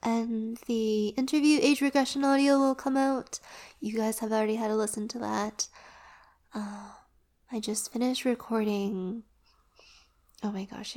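A woman rambling casually in a relaxed, sleepy way while lying down, her voice soft and often dropping to a whisper. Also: fairly high pitch, a little slow. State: drowsy, lying down. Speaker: audio performer and creator.

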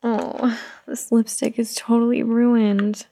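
A woman playing a gentle, patient young mother who softly coaxes her toddler, in a whispered role-play. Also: on the high side, level tone, slow, dry recording. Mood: soothing. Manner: soft, coaxing, motherly.

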